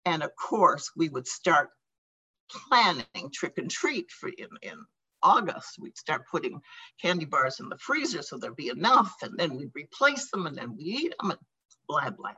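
An older American woman tells her own recovery story to a meeting, her talk halting and emotional, broken by small laughs and sighs. Her voice is bright and somewhat husky, and it rises and falls widely as she speaks. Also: sits low, big pitch swings, rough recording. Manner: emotional, halting, laughing and sighing between thoughts. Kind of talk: personal testimony.

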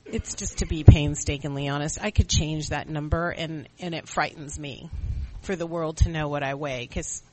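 A middle-aged speaker on a recovery meeting panel, giving an earnest, reflective personal testimony with halting restarts. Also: medium pitch, slight background noise, rough recording.

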